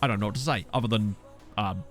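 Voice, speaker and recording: A man live-streaming a management game, chatting casually and getting excitable, swearing when something surprises him, into a desk microphone. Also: fairly low pitch, fast talker, music in the background. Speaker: gaming streamer. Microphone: desktop USB microphone.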